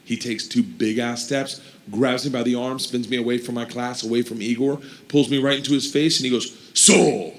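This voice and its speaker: A man telling a wild story as a stand-up comedian, animated and building to loud punchlines. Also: mid-range voice, a little fast, few pauses.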